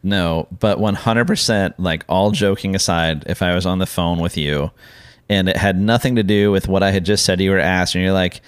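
Deep, smooth-voiced joking man. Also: fairly even intonation, dry recording, studio quality. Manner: joking, quick banter. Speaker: podcast co-host. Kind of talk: casual podcast chat.

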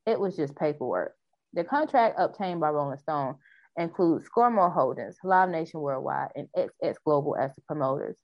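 Lower-voiced woman reading news casually. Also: animated, moderate pace, dry recording, muffled recording. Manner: reads news aloud, then chats loosely. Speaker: podcast co-host reading news.

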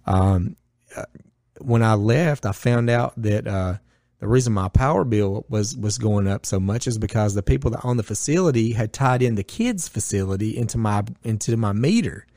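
A man's voice: lowish voice, normal speed, no echo, clean studio sound. Blunt, profane man telling a story. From Northwest Georgia, US. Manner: blunt and profane, with lively acted-out quotes. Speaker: podcast guest, gym owner. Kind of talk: casual storytelling chat.

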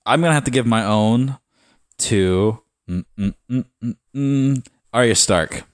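A man's voice: medium pitch, a little slow, no echo, clean studio sound. A man co-hosting a casual podcast about a book series, joking around, laughing and reading lines in silly voices. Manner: jokey, laughing, breaks into silly quoted voices. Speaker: podcast co-host. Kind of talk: casual chat.

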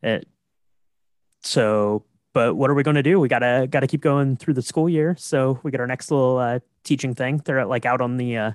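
A man's voice: mid-range voice, moderate pace, dry recording. Easygoing guy rambling through a movie recap, dead dry mic. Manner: relaxed, rambling, many fillers. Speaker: podcast co-host. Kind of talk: casual film discussion.

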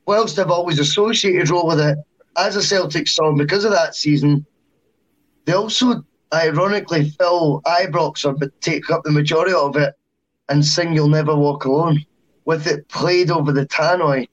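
Guy co-hosting a football podcast, higher voice, chill and agreeable, breaks things down. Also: steady tone, normal speed, lo-fi sound. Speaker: podcast co-host. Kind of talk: casual chat.

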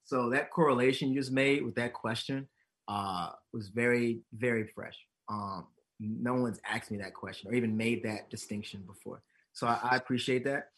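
Here an actor and comedian, interviewed informally, talks at a moderate pace in a mid-range voice. He recounts stories with animation, performing the quotes himself and breaking into laughter often.

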